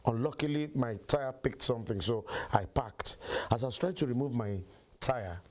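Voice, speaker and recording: A middle-aged man with a Nigerian accent, a comedian telling stories in an animated way. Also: medium pitch, normal speed. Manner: animated, acts out shouted voices. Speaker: comedian guest. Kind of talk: comic storytelling.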